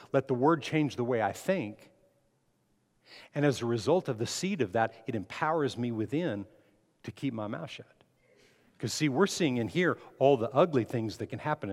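A man preaching a sermon, asking the congregation questions and building emphasis as he speaks. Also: mid-range voice. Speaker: pastor. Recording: long hall reverb.

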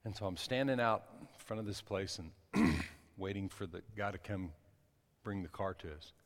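A man's voice: low voice, moderate pace, long reverb tail. A man preaching a sermon, telling a personal story in a loose, conversational way with frequent restarts and asides. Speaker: pastor.

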